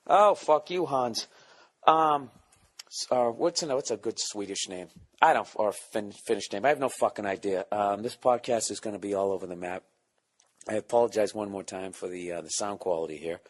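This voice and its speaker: A man's voice: on the low side, a little fast. A man hosting his own podcast from home, rambling in a profane, self-mocking casual monologue while keeping his voice down. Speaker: podcast host and comedian. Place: home, at night or early morning.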